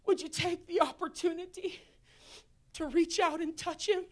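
A woman preacher giving an emotional altar-call sermon, swinging between tearful shouts and hushed whispers, recorded in a church. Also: very high voice, fairly even intonation, moderate pace. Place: church sanctuary.

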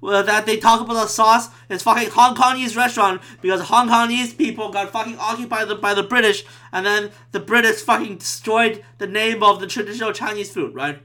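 A man's voice: high-pitched, brisk, hardly any pauses, pushed and bright. A man hosting a podcast alone, ranting in a profane, rambling way with frequent restarts. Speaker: podcast host. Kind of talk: solo podcast rant.

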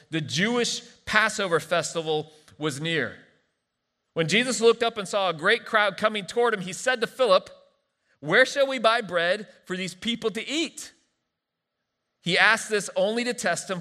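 Joking pastor preaching in a reverberant church hall. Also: male voice, fairly high pitch, bright, forceful tone. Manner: playful, joking asides between scripture reading. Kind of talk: sermon.

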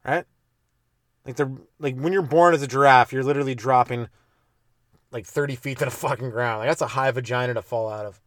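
A man's voice: mid-range voice, brisk, no room sound. Man, stand-up comic, rambling solo riff, curses a lot, laughs at his own bits, dry close mic. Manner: swearing, laughing at his own jokes, jumping into silly voices. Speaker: stand-up comedian and podcast host.

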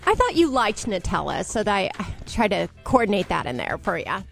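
A woman's voice: medium pitch, big pitch swings, a little fast, gravelly, soft background music. A woman co-hosting a morning radio show, chatting playfully and laughing often in a studio. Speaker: radio co-host. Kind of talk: casual on-air banter.

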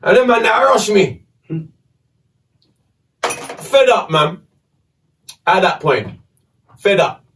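A man, a podcast host telling a story casually, animated and swearing. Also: high-pitched, slow pace, pauses often, recorded from a distance, a little hiss or hum.

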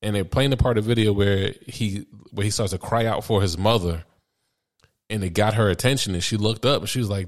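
A father in casual podcast chat, talking in a measured, reflective and somber way. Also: lowish voice.

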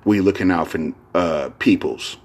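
A man's voice: low-pitched, measured pace, darkish tone. A man hosting a casual solo podcast, talking in a rambling, profane way full of fillers and restarts. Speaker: podcast host.

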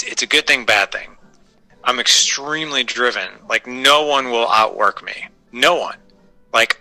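A man in his forties chatting casually as a podcast guest, self-deprecating and quick to laugh. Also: mid-range voice, sharp tone, low-quality recording. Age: 40s. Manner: self-deprecating, laughs often, breaks into playful voices. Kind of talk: casual interview chat.

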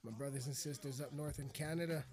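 A man hosting a podcast, rambling and cursing heavily, yelling now and then, smoking between sentences into a podcast microphone. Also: on the high side, fairly even intonation, fast talker, soft background music. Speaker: podcast host. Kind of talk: casual profane podcast chat.

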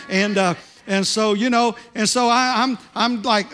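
A middle-aged male pastor preaching a sermon in a church, telling stories in a loud, animated, conversational way. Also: very high voice, fairly quick, hardly any pauses. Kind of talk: sermon with storytelling.

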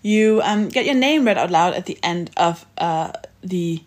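A woman's voice: lowish voice, expressive, a little slow. A woman hosting a podcast, chatting and reading out the names of supporters. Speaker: podcast host. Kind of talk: casual chat and read-out outro.

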